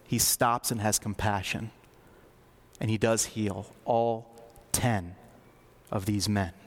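A man preaching a sermon as pastor, talking conversationally and acting out scripture scenes, dropping low and soft for emphasis. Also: steady tone, slow pace.

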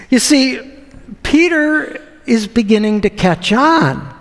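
A man's voice: very high voice, animated, a bit bright. A man preaching a sermon as a pastor, talking conversationally and asking the congregation questions. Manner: conversational, asks the audience questions, with deliberate pauses. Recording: long hall reverb.

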